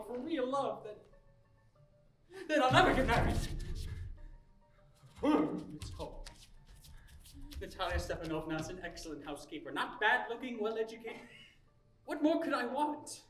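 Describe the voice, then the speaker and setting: Guy doing a jittery stuttery suitor in a stage play, high voice jumping all over, roomy stage from far off with music. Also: moderate pace. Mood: anxious. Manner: stammering, flustered, excitable. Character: nervous anxious 35-year-old male landowner suitor. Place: theater stage.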